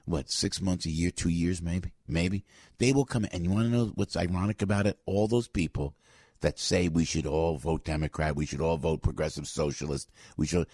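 A man's voice: deep voice, normal speed, husky, no echo, clean studio sound. An older man hosting a morning radio show, in a fired-up, rambling monologue full of restarts. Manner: animated, rambling, with many restarts and fillers. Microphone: studio microphone.

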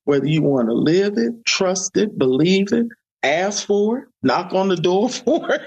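Gravelly, husky-voiced woman testifying with fervor. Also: fairly low pitch, animated, unhurried, a little mellow, dull audio. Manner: fervent, repetitive, preacher-like emphasis. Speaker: guest, community ministry founder. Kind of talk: conversational interview testimony.

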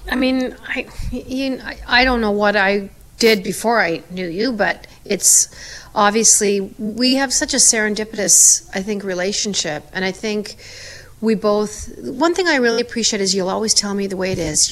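A woman co-hosting a podcast, telling stories in casual chat and acting out what others said. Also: mid-range voice. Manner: animated storyteller, acts out quotes. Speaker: podcast co-host.

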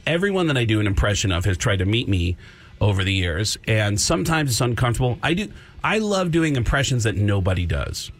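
A male comedian and impressionist, a radio guest, telling stories in an animated way and slipping into voices. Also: fairly low pitch, a little fast. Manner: animated storyteller, slips into voices. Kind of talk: casual radio talk.

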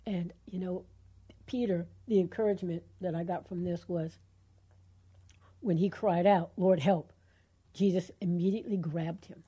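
Middle-aged lady cohosting christian radio, mellow a bit husky voice, earnest and encouraging. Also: on the low side, fairly even intonation, unhurried, pauses often, dull audio. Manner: earnest, encouraging, laughs easily. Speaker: co-host of a Christian call-in radio show. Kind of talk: faith talk radio chat.

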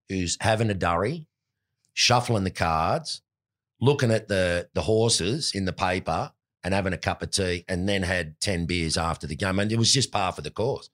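A deep-voiced Australian man in his sixties recounts his early sporting career with lively, animated storytelling. His voice sits low and he tells each anecdote with energy. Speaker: former cricketer, guest. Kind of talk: storytelling interview.

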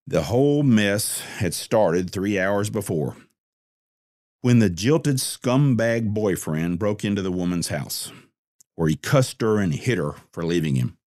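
A man narrating a scripted crime story in a measured, deliberate way. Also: on the low side, lively intonation, darkish tone, no echo, studio quality.

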